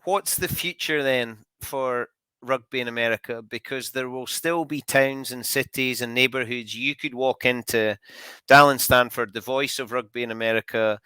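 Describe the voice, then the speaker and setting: A male podcast host asks long, meandering questions, restarting his phrases as he goes. His voice is bright and smooth, recorded close and dry. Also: mid-range voice, no echo. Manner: hesitant, rambling questions with restarts. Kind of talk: interview questions.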